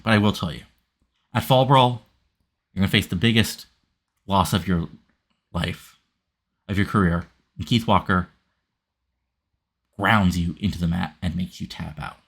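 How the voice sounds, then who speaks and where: A man's voice: sits low, slightly rough. A man voicing a brash, boastful wrestling manager hyping a client. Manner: loud, boastful.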